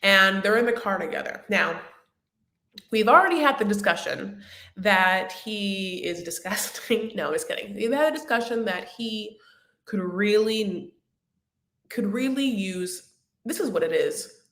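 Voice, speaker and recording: A woman's voice: medium pitch, animated, a little slow, a bit bright. Chatty woman rambling in an echoey room. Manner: rambling, chatty, many fillers and restarts. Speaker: host of a reality TV recap livestream. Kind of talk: casual chat.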